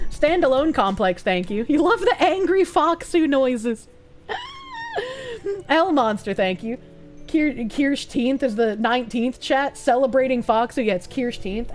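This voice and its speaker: High-voiced woman streamer chatting casually. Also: sing-song, soft background music. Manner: loose, profane, quick to laugh. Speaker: live streamer. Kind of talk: casual live-stream chat, reading donations.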